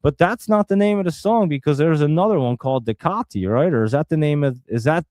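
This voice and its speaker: A man's voice: a little high, fairly quick, a little mellow, no room sound, studio quality. A young man hosting a casual livestream, rambling and thinking aloud as he talks to viewers. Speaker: host.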